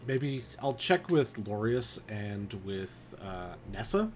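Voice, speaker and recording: A man playing in a tabletop game, speaking in character in a relaxed, hesitant way. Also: on the low side, takes it slowly, slight background noise. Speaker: player. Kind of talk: casual in-character play.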